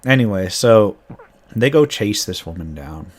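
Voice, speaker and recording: A man's voice: on the low side, expressive, measured pace. A man game master casually retelling a tabletop campaign, rambling with frequent restarts.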